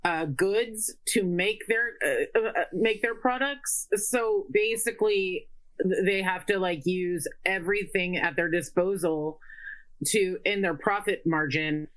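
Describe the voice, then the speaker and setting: A woman co-hosting a casual political chat show, pausing often on fillers and restarts and ranting in frustration. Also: mid-range voice, low-quality recording. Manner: halting, full of fillers and restarts; exasperated ranting.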